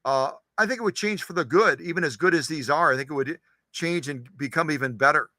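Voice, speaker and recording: Chatty man with a high, bright voice. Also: fairly quick, no echo. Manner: chatty, joking, talks to himself while working. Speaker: host of a sewing machine channel. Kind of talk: casual workshop demonstration. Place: home sewing workshop.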